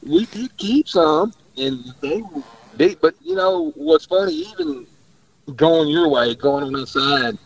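Man, fishing guide, gravelly, animated pitch, dull lo-fi radio sound. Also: unhurried. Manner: drawling, rambling storyteller, laughs often. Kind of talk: casual radio chat.

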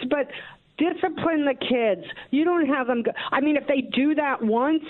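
A woman's voice: high-pitched, normal speed, dry recording. A woman calling in to a radio show, speaking in an emphatic, indignant way and pressing her points. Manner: indignant, emphatic, keeps asking "okay?". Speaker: caller. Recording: tinny dry phone line.

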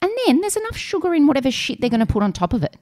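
A woman's voice: high-pitched, big pitch swings, very fast, a little mellow. A woman, a mother co-hosting a casual chat in a frank, self-deprecating way. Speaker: podcast co-host.

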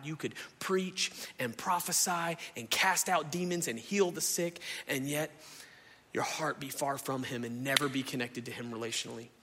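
Into a stage mic in a church hall, a male pastor delivers an impassioned, conversational sermon, often asking the crowd questions. His voice is a little high and a bit bright.

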